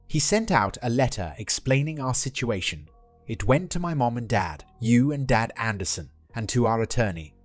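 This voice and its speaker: A man narrating a story from a script in an even storytelling manner. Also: medium pitch, normal speed, dry recording, faint music behind.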